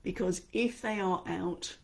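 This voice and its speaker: Speaking a little slowly, an Australian woman with a fairly low, creaky voice leads an online speaking lesson as a coach. She's expressive and performs the inner voices she talks about.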